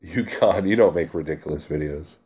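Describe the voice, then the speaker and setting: A man's voice: very deep voice, fairly quick, dark tone, slightly rough. A man who drives a truck, chatting casually on a live stream and reading out viewer comments in a blunt, chummy way, laughing easily.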